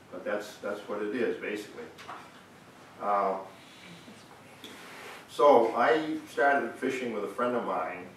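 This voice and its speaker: An older man giving a storytelling talk as a guest speaker at a museum, a folksy teller who laughs at his own stories. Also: fairly low pitch. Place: museum lecture room. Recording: very echoey room, distant mic, faint noise.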